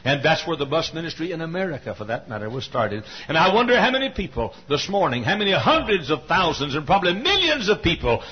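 An older man preaching a sermon, telling stories with fervor and building to loud cries. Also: fairly high pitch, very animated, fast talker, hardly any pauses. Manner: fervent storytelling preacher, rising to cries. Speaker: pastor. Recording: dull lo-fi sermon recording.

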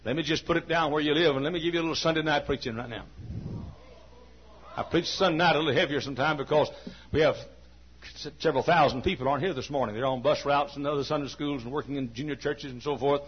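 A man preaching a sermon to a large church. He tells stories quietly and then breaks into high shouting. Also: fast talker, a little hiss or hum. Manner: swings from hushed storytelling to high shouting. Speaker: pastor. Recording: dull lo-fi sermon recording.

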